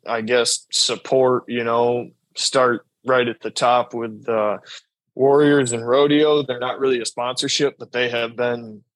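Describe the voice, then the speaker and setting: Bull rider telling stories, dry close mic. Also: male voice, medium pitch, a bit bright, no echo, rough recording. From New York state. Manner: drawn-out storytelling, acts out quoted dialogue. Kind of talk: casual storytelling interview.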